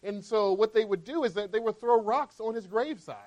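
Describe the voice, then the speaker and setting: A man's voice: sits high, brisk, darkish tone, dull audio. A man preaching a conversational sermon, often checking in with the congregation by asking "right?". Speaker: pastor.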